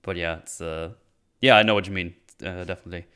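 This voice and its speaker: A man hosting a casual movie podcast, laughing often and acting out scenes in quick silly voices. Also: low voice, fairly even intonation, pushed and bright, clear, resonant tone. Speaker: podcast host. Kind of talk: casual movie-review chat.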